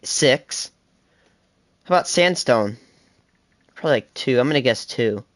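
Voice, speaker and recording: A seventeen-year-old livestreamer talking fast and rambling to themselves during casual gameplay chatter. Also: mid-range voice, lively intonation. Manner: fast, rambling self-talk with laughs. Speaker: gaming livestreamer.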